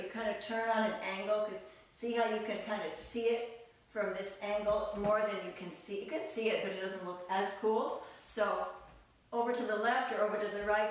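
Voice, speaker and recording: A woman's voice: medium pitch, distant mic, slight background noise. A woman teaching a live online belly dance class, counting beats in a sing-song voice and explaining moves in a chatty, upbeat way, recorded by a camera mic across the room in a studio. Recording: echoey room, voice from away from the mic, music playing. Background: dance music.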